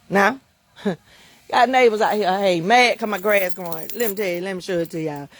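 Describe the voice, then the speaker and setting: A woman's voice: medium pitch, normal speed, no echo. A middle-aged woman hosting a livestream, preaching in an emphatic, repetitive way and laughing often. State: emotional, near tears. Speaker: livestream host and bookstore owner.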